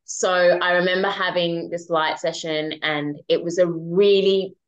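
A woman, a podcast guest, telling a personal story in a casual, animated way with some swearing. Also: fairly low pitch, a little slow, rough recording.

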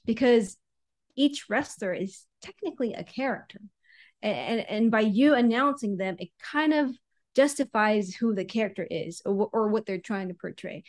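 A young woman ring announcer chatting casually, animated and quick to laugh, with frequent restarts. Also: medium pitch. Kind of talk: casual conversation.

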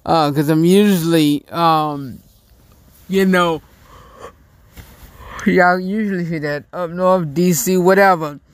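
A man's voice: fairly high pitch, steady tone, takes it slowly, long pauses, smooth. A man from North Carolina with a Southern accent, chatting casually as host of his own show, repeating himself and laughing often. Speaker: podcast host. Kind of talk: casual solo chat.

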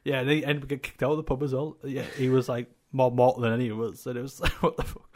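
A man's voice: mid-range voice, level tone, rapid-fire, a little mellow. A young man, co-hosting a podcast in casual, sweary, rambling chat. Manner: sweary, rambling, laughs often. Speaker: podcast co-host.

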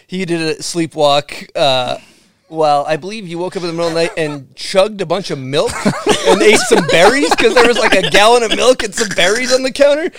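A man's voice: sits high, big pitch swings, moderate pace, over a noisy crowd. A man hosting a casual podcast, chatty and joking as he brings up stories.

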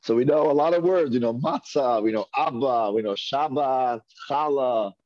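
A man teaching a Hebrew reading class, patiently repeating words slowly and asking his students questions. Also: mid-range voice, darkish tone. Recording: dull lo-fi dry recording.

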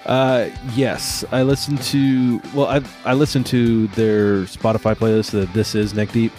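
A man with a lowish voice chats about music as a podcast co-host. He rambles in a relaxed way, leaning on fillers. Faint music sits underneath. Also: unhurried. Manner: laid-back, rambling with fillers. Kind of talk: casual chat.

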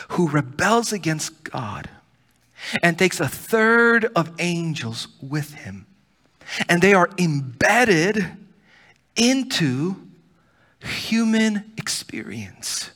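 A man preaching a sermon as pastor, swinging between loud pleading and hushed near-whispers. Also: high voice, big pitch swings, slow, breathy edge. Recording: church hall reverb.

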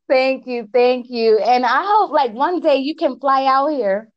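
A woman from the US East Coast with an East Coast accent, chatting casually about business and networking, lively and repeating phrases for emphasis. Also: high-pitched, measured pace, muffled recording. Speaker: business owner.

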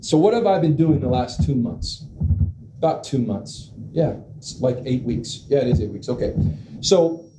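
A man in his forties preaching a humorous sermon as pastor, animated and self-mocking, with comic asides. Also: mid-range voice. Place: church sanctuary. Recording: echoey church hall with room noise.

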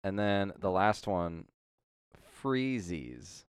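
Deep-voiced young man, hesitant. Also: sing-song, drawn-out words, smooth, no echo, clean studio sound. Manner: hesitant, filler-heavy topic lead. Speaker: podcast co-host. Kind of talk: casual group chat.

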